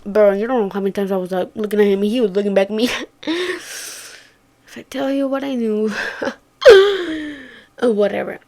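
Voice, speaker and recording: With a mellow, medium-pitched voice and a moderate pace broken by long pauses, a young woman recounts a story to her viewers. The vlogger chats casually, curses often, and plays out what her friends said.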